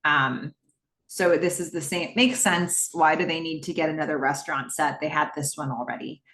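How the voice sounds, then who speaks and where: A woman's voice: low voice, steady tone, moderate pace, a bit bright, reverberant. A woman hosting a podcast, casually recapping a TV episode scene by scene in the present tense, with frequent "um"s. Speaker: podcast host.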